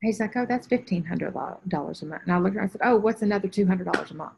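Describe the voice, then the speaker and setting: Talking very fast in a mid-range, creaky voice, a woman spiritual teacher shares a personal story with a group video call. She animatedly acts out quoted voices, while background noise sits in the dull, lo-fi call audio.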